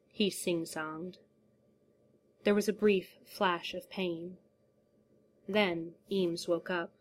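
Brief: woman audiobook narrator, lower pitch, unhurried, measured delivery. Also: fairly even intonation. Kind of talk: scripted story narration.

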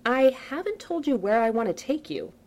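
A woman voicing a flirty, scheming grown man in love, quick and arch in his lines. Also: on the high side, very animated, a little mellow, pitched above the performer's own voice.

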